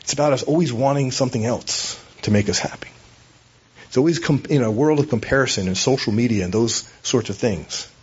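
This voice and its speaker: A man's voice: medium pitch, fairly quick, husky, dull audio. A man preaching a sermon as a pastor, in a conversational, storytelling way with hesitations.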